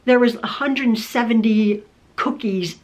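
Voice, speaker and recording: A woman's voice: fairly high pitch, a little slow. An older woman, a quilting channel host, chatting casually to camera from her home sewing room and rambling with many fillers and restarts.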